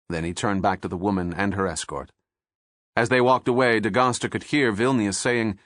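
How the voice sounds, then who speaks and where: Low-voiced man narrating an audiobook. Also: normal speed, a bit bright, no room sound, clean studio sound.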